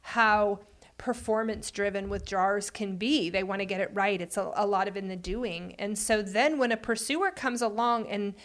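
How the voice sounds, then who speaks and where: A woman co-hosting a conversational podcast, explaining relationship patterns in an animated way with frequent laughs. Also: medium pitch, moderate pace. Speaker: podcast co-host.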